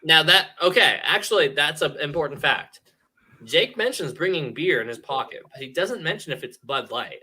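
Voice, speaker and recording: Lively, bright-voiced podcast co-host man. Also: fairly high pitch, moderate pace, slightly rough. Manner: animated, joking, drops into put-on quotes. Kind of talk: casual streamed podcast chat.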